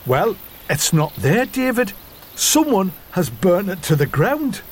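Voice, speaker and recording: A man's voice: high-pitched, big pitch swings, takes it slowly, slightly rough, full character voice. A man voicing a fussy, dramatic farm wife with a put-on Newcastle accent in a radio soap parody sketch. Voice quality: exaggerated, theatrical.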